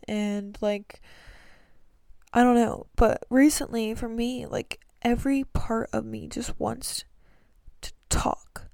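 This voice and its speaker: Earnest rambling young woman, gravelly edges. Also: fairly high pitch, darkish tone, no room sound. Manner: rambling, earnest, many "like" fillers and restarts. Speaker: podcast host. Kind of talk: casual faith-based podcast monologue.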